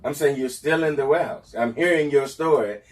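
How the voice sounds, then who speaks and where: A man's voice: fairly high pitch, fairly quick, far from the mic. A man co-hosting a podcast in casual chat, making emphatic points and mock-dramatic reactions. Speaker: podcast co-host.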